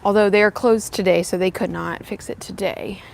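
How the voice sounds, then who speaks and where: A woman's voice: medium pitch, fairly even intonation, moderate pace, creaky, slight background noise. A young woman chatting upbeat with her live viewers while walking outdoors, a little out of breath. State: slightly out of breath from walking uphill. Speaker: vlogger live-streaming. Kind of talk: casual live-stream chat while walking. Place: outdoors on a windy walk.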